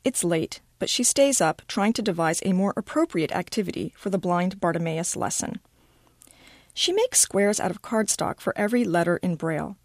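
An animated woman reading a story. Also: fairly low pitch, moderate pace, no echo, clean studio sound. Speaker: reader. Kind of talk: reading a short story aloud.

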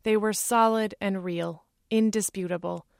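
Brief: woman author, measured literary reading, middle pitch, dry close-mic sound. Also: fairly even intonation, creaky, dry recording. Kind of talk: reading aloud from her novel.

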